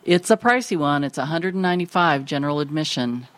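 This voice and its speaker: A woman's voice: low-pitched, lively intonation, fast, no echo. A woman co-hosting a casual chat, reading event listings and teasing her partner, laughing easily. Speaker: co-host.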